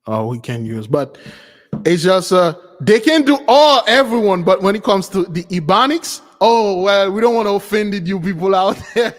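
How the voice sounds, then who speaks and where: Halting man host, slightly high voice. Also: animated, big-room sound. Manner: halting, many fillers, trails off. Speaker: channel host. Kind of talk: casual talk with an AI.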